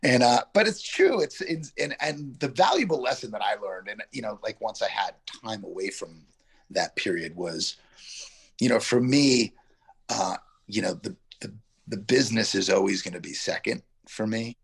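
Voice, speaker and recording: A man's voice: on the low side, lively intonation, normal speed, creaky, fairly bright tone, breathy edge. A middle-aged man from Yonkers, a guest actor telling a rambling, reflective story in a casual interview, full of fillers and restarts. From Yonkers, New York.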